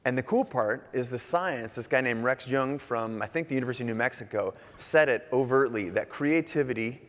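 A man giving a casual, animated conference talk on stage, joking and sometimes swearing as he goes. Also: medium pitch, brisk. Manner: casual, animated, jokey, swears now and then. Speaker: conference speaker, artist. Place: large conference hall on stage. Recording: long hall reverb.

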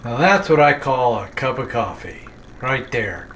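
A man's voice: medium pitch, lively intonation, unhurried, fairly bright tone, a little hiss or hum. A man chatting casually on a vlog, easygoing and enthusiastic, often tagging on "right?". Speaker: vlogger. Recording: echoey room.

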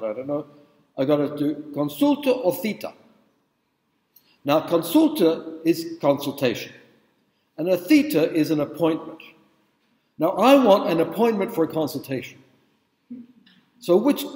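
A middle-aged male lecturer speaks casually at a mid pitch and keeps asking the room "okay?" as he tells stories. His voice carries a long hall reverb that rings around a big lecture room. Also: darkish tone. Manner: informal, checks in with the audience. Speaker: university lecturer. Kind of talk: conversational lecture with anecdotes.

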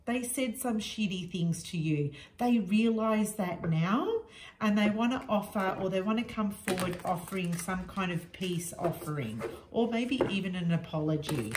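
A woman giving a tarot reading to her viewers, frank and reassuring, talking slowly with many fillers. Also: lowish voice, darkish tone, echoey room, low-quality recording. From Australia. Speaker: tarot reader.

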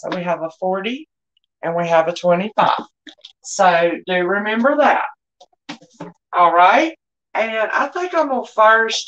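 A woman's voice: mid-range voice, lo-fi sound. A middle-aged woman, hosting a live online sale in a chatty, folksy way and greeting viewers by name. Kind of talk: casual live-stream selling chat.

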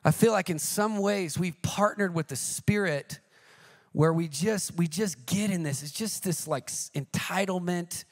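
A middle-aged man preaching a sermon, telling stories with animation and breaking into shouted cries. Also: high voice, a little slow. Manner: animated storytelling, jumps into shouted quoted cries.

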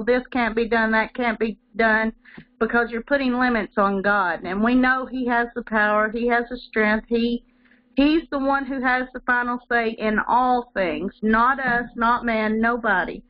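A woman's voice: fairly high pitch, lo-fi sound. A woman giving a personal testimony in church, speaking earnestly and repeating points for emphasis. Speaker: congregation member giving testimony.

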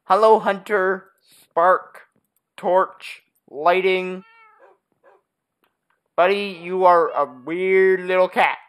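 A gaming channel host giving rambling, casual commentary full of "uh" and "anyway", jumping to a high, excited voice when calling the pets. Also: very slow, long pauses.

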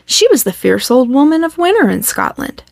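A woman storyteller reading a children's story aloud in a measured, expressive way. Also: sits high, vocal fry, no room sound, clean studio sound.

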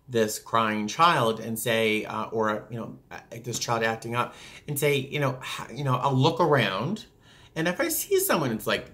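A man who works as a flight attendant, chatting casually and acting out passengers with sudden jumps in pitch. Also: bright, forceful tone. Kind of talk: casual talk to camera.

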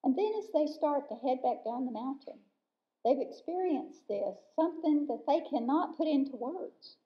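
A woman preaching a sermon in a church, earnest and emphatic, slowing down to stress key words. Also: high-pitched, expressive. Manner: earnest, slow and emphatic with pauses. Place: church sanctuary. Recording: dull lo-fi church recording.

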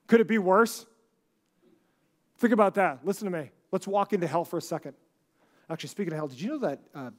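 A man preaching a sermon as pastor, talking conversationally with many restarts and asking the congregation questions. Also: fairly high pitch. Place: church service before a congregation.

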